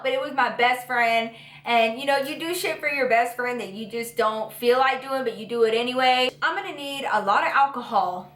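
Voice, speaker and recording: A young woman with a high, bright voice tells a storytime to her viewers. She is animated and profane and acts out every twist dramatically. The room around her sounds echoey. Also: moderate pace. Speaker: vlogger. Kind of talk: storytime vlog.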